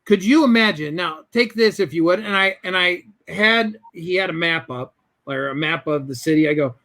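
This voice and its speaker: High, bright-voiced man telling a lively story. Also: normal speed. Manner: animated, acts out both sides of conversations. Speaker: guest. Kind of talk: storytelling in a business interview.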